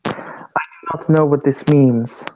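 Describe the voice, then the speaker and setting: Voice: mid-range voice, steady tone, slow pace, darkish tone, natural voice. Someone voicing a mysterious woman servant, Middle Eastern accent, formal, unbothered, lo-fi hiss. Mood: cool formal. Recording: dull lo-fi mic with background hiss.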